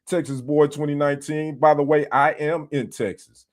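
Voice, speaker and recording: A man's voice: fairly high pitch, fairly even intonation, normal speed, darkish tone. A man from the United States hosting a casual sports livestream, greeting viewers by name and trading teasing banter with the chat. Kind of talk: casual live-stream chat. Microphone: streaming setup.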